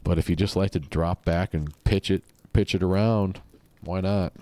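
Man, low voice, rambling casual podcast talk, dry close mic. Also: steady tone, normal speed, warm tone, dry recording. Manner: rambling, offhand, profane. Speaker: podcast host. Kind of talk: casual solo podcast chat.

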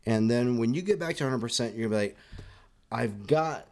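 A man's voice: medium pitch, animated, fast talker, a little mellow, clean tone. A man co-hosting a podcast in casual chat, emphatic and playful. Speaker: podcast co-host.

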